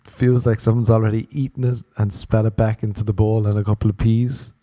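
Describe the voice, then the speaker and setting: A man's voice: lowish voice, flat delivery, a little fast, warm tone, no echo, studio quality. A young Irish man hosting a podcast, rambling through a profane, self-mocking comic monologue. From Ireland. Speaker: podcast host. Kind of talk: casual comedic monologue.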